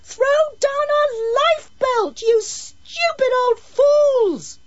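A woman narrator voicing a frantic grown woman who pleads and bawls at others, high and strained. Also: sing-song, normal speed, lo-fi sound, a little hiss or hum. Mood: furious. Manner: pleading, desperate shouting. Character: frantic grown woman trying to save a boy.

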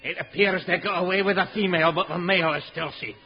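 An actor playing a dour police inspector in a 1950s radio comedy, terse with growling grunts. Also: male voice, high voice, fairly even intonation, quick pace, husky. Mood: deadpan. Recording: dull old radio recording.

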